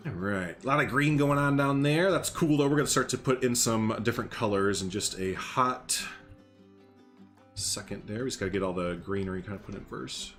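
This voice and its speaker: A man's voice: fairly low pitch, fairly quick, fairly bright tone, soft background music. A young man chatting casually on a live stream while he builds in a game, rambling, humming and greeting viewers by name.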